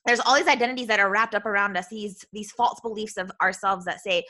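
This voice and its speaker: Woman with a Utah accent, podcast host, bubbly, rapid, bright and forceful voice, higher pitch. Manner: bubbly, fast-talking, says "like" and "right?" often. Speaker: podcast host and self-love coach. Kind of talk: casual solo podcast monologue.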